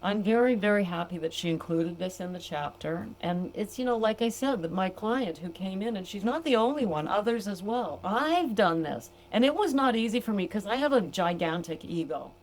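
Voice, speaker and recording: A woman's voice: mid-range voice, expressive, normal speed, few pauses, a little hiss or hum. An older woman, a grandmother, hosting a sobriety coaching podcast, chatting casually with her listeners, laughing often and calling them gals. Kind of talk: casual podcast monologue reading from a book.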